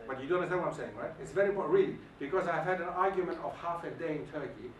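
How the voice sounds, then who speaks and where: A man giving an emphatic, animated lecture and firing questions at the audience, recorded in a hall. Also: a little high, racing, a crowd in the background. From Germany. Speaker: guest lecturer. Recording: echoey hall, mic at a distance.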